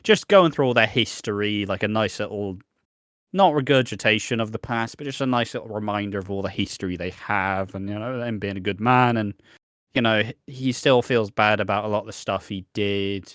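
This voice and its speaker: A man's voice: on the low side, a little fast, a bit bright, no echo, clean studio sound. A man co-hosting a podcast, recapping a soap in casual, jokey chat full of swearing, from a room at home. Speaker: podcast co-host.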